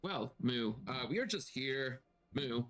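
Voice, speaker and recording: A man's voice: medium pitch, animated, takes it slowly, fairly bright tone. A man voicing a polite stranger turned into a calf, who keeps saying moo. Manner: mild, polite, every sentence dotted with moos.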